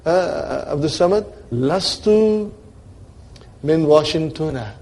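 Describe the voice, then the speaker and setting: A man teaching a grammar lesson in a somewhat high, mellow voice. He walks his students through each point with rhetorical questions and keeps checking that they are following him. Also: expressive, slow pace, gravelly. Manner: checks in often with "are you with me" and "brother"; explains step by step with rhetorical questions. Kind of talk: classroom lecture.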